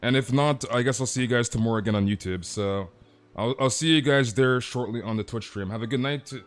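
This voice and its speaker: Rambling male game streamer. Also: a little fast. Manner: rambling, repetitive, trails off low. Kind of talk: casual stream chat.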